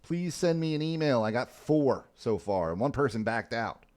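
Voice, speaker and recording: A man's voice: medium pitch, animated, moderate pace, a little mellow. A man co-hosting a casual fantasy football podcast, laid-back and joking, often trailing off with ums. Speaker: podcast co-host. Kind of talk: casual chat.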